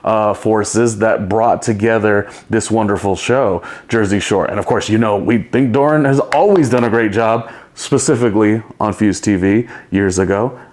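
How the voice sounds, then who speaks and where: A man's voice: lowish voice, moderate pace, hardly any pauses, a little mellow. Rambling, chatty male podcast host. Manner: chatty and rambling, with playful impressions and frequent laughs. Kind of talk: casual solo commentary.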